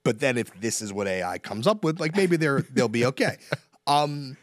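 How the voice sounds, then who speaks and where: A man's voice: mid-range voice, lively intonation, normal speed, no echo, clean studio sound. A man co-hosting a culture podcast, joking wryly and teasing his co-host. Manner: wry, teasing banter, laughing. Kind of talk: casual chat.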